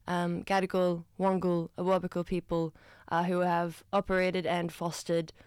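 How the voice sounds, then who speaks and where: Aussie woman doing breakfast radio, lowish smooth voice, dry close studio mic, rambly and jokey. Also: completely flat delivery, moderate pace, a little mellow, dry recording. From Australia. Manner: chatty, self-deprecating, rambling asides. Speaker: radio host. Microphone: studio microphone.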